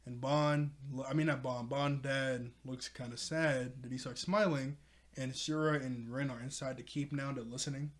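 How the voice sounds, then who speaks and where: A young man casually recapping an anime episode as a reviewer, rambling with lots of "like" and "you know" and clearly an excited fan. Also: mid-range voice, moderate pace. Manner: enthusiastic fan.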